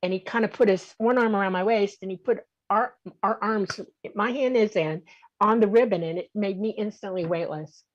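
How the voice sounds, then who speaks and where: Animated older woman telling her story. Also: mid-range voice, normal speed, no room sound, dull audio. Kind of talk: casual storytelling interview.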